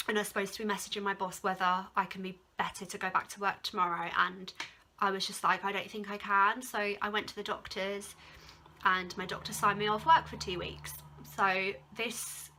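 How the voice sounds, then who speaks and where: A woman's voice: mid-range voice, bright, forceful tone, a little hiss or hum. A young woman, talking casually to camera as a vlogger, rambling with many fillers as she recounts a personal ordeal. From England. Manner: rambling, heavy use of "like", emotional at moments. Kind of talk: casual storytime vlog.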